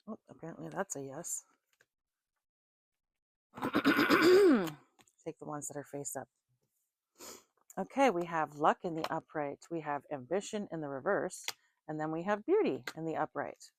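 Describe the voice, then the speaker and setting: A woman's voice: deep voice, measured pace, pauses often, no echo. A woman in casual chat who reads tarot cards, talking chattily and laughing often between remarks. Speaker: tarot reader.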